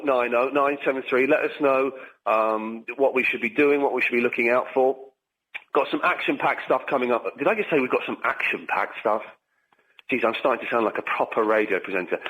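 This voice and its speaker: A man hosting a live radio show, rambling and halting with many fillers in a chatty, playful way. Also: on the high side, fairly bright tone, highs cut off. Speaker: radio host. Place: radio studio.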